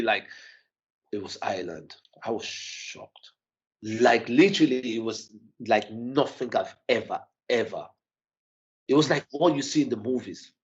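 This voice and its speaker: Guy on a podcast telling a story, lots of restarts, voice jumps high when he's shocked, kinda dull lo-fi sound. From Nigeria and the UK. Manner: animated, restarts often, voice rises when shocked. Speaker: podcast guest. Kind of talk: casual storytelling.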